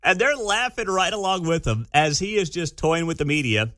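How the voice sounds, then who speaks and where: A man's voice: a little high, normal speed, no room sound. Dry-sounding talk radio host, a man. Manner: conversational, animated, slangy. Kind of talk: opinionated talk radio commentary.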